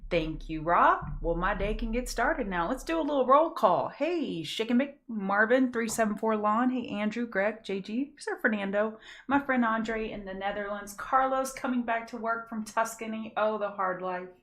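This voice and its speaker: A woman from Louisiana with a Southern accent, hosting a casual live pre-market trading show, folksy and chatty, greeting viewers by name and slowing down to enunciate. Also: a little high, animated, a bit bright. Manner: slows down to enunciate carefully.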